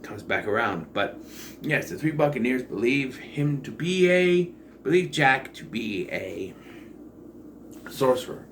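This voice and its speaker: Man, casual movie review, rambling, lots of fillers, swears now and then, mid-pitched voice, faint background hiss. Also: animated, unhurried, fairly bright tone. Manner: rambling and digressive, with profanity and many fillers.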